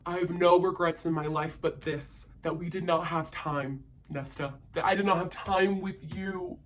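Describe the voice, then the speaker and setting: A woman voicing a grave young male warrior saying farewell, in a slow, hushed, solemn way. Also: lowish voice, steady tone, voice pushed down, natural voice. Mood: tender, solemn.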